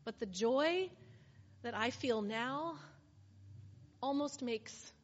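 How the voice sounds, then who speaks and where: Monologue: woman as a weary woman made whole, earnest first-person testimony, slightly high voice, muffled recording. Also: lively intonation, slow pace. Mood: heartfelt. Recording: slightly muffled with faint hiss.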